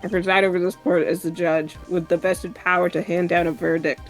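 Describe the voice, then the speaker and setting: A woman's voice: lowish voice, little pitch movement, fairly quick, soft background music, natural voice. A woman reading aloud the formal lines of a stern older male judge from a game.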